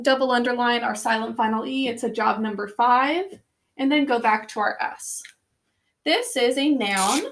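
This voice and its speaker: Patient woman teaching spelling. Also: sits high. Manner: patient, sounds out phonograms slowly. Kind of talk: recorded spelling lesson for students.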